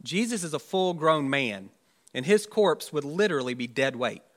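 A man's voice: on the high side, very animated, normal speed. A man, a pastor, preaching an Easter sermon in a conversational, musing way with rhetorical asides.

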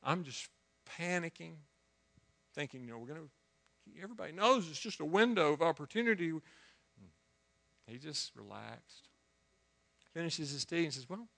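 A man preaching a sermon, telling a story with lively swings from quiet asides to loud exclamations and frequent restarts of words. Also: on the high side, normal speed, gravelly.

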